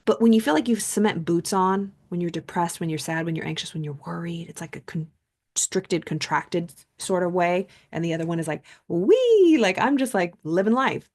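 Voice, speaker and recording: Woman coach, slightly low voice, casual, animated book commentary. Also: brisk. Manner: animated, mixes reading aloud with personal stories. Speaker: self-help coach reading and discussing a book.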